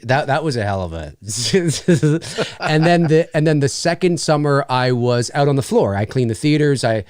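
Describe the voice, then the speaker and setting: A middle-aged man hosts a loose chat and spins animated stories, full of restarts. His voice sits a little high and swings widely in pitch. The sound is close and dry. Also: normal speed, dry recording. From Canada. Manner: animated storyteller, many restarts and laughs. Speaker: host. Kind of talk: casual chat.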